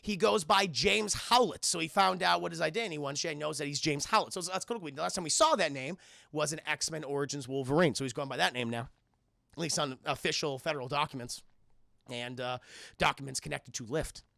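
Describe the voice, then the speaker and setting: A man recapping a film casually to his stream chat, animated and profane, often repeating himself. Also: on the high side, brisk, vocal fry, no room sound, clean studio sound.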